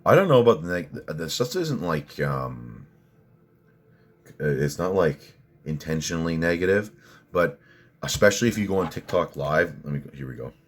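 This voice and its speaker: A man ranting on a livestream while reading viewer comments, cursing, bursting into loud outrage and then muttering. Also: low voice, big pitch swings, normal speed. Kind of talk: profane ranting livestream chat.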